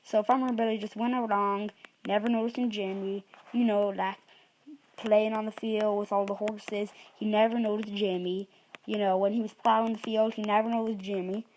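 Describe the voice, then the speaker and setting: A woman's voice: medium pitch, flat delivery, normal speed, a little mellow, slight background noise, poor audio. A woman improvising a rambling story that keeps losing track of its names and correcting itself. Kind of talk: improvised storytelling for a puppet app.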